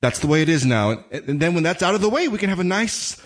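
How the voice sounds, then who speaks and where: A man talks in a fairly high voice that swings up and down a great deal. He stammers and restarts often, nervous and halting, as if speaking to someone who never answers. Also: sing-song. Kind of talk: one-sided dramatic monologue.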